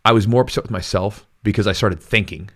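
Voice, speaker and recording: Jiu-jitsu coach guy talking on a podcast, kinda rambly, restarts a lot, lower voice. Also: fast talker, fairly bright tone. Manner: rambling, restarts often, earnest. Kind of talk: casual podcast chat.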